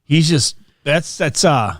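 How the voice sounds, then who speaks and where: A man's voice: fairly high pitch, lively intonation, takes it slowly. A man co-hosting a casual talk show, mostly giving short replies and brief remarks. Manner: short back-channel replies. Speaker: co-host. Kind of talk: casual chat.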